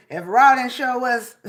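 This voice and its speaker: A woman hosting a casual spiritual reading vlog, laughing often with a drawn-out, preachy delivery. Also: on the high side. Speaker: spiritual reader.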